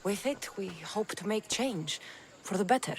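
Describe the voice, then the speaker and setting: A woman's voice: medium pitch, normal speed, a little hiss or hum, close to an everyday voice. A woman playing a terse warrior mercenary. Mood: calm. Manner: calm, terse. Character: composed female warrior mercenary.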